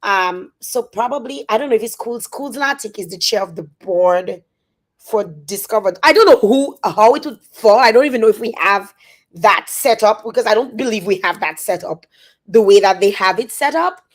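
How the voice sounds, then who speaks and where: A middle-aged woman from Dominica, telling an emphatic, animated story in a casual review vlog. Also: medium pitch, moderate pace. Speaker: vlogger.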